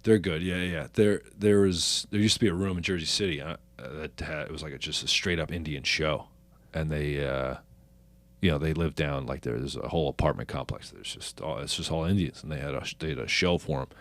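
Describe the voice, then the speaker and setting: A man who is a stand-up comedian, chatting casually as a podcast guest, often mumbling and trailing off quietly. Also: rumbling low, fairly quick.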